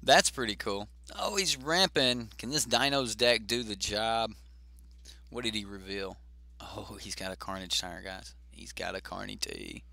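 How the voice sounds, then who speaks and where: Gravelly low-voiced man calling a card game. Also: a little slow, sharp tone, dry recording. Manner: chatty, thinks aloud with fillers. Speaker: host. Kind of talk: casual game commentary.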